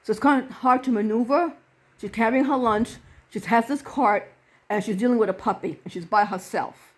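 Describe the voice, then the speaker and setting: A woman's voice: fairly high pitch, normal speed. A woman reverend telling a personal story to camera in an earnest way, acting out the quoted dialogue.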